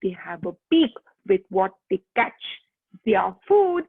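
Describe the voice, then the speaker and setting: Sing-song woman teacher, husky and slow. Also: medium pitch, sing-song, no echo. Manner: coaxing, sing-song, getting kids to join in. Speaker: teacher of young children. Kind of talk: online kids' lesson. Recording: tinny phone-like line.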